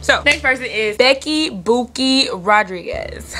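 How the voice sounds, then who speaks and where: Teen girl doing a shoutout vlog, bright voice, giggly and rambly, faint music behind. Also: on the high side, lively intonation, unhurried. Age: teens. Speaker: vlogger.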